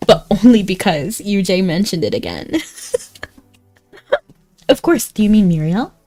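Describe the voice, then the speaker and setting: A woman's voice: mid-range voice, lively intonation, a little slow, dark tone, soft background music. A young woman chatting casually and rambling while playing and reading a game. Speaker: game streamer. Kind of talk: casual gameplay chat.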